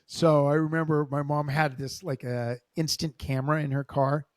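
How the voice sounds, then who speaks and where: Animated man telling stories. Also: a little high, moderate pace, no room sound. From Los Angeles, USA. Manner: animated storyteller, laughs often. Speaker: podcast host. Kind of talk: casual interview storytelling.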